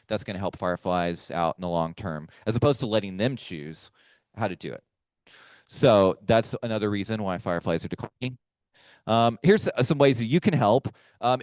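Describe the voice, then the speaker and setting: A man gives a chatty talk to a room of listeners. His voice sits on the low side and comes across smooth and clear. It sounds dry and close, with no room echo. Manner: conversational, chatty, addresses the audience directly. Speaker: firefly researcher giving a talk. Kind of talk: casual lecture to a live audience. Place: meeting room with a live audience.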